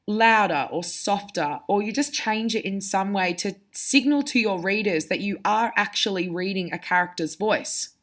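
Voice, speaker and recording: A woman with a medium-pitched, fairly bright voice teaches pupils a reading lesson. She explains patiently and demonstrates aloud, speaking conversationally and occasionally restarting as she hunts for examples.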